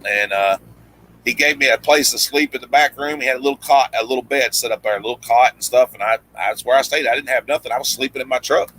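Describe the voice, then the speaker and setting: A man's voice: mid-range voice, quick pace, a bit bright, poor audio. A man telling a long story in casual chat, rambling with restarts and acting out what others said. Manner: rambling, many restarts, acts out quoted lines. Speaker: guest storyteller, former pro wrestler.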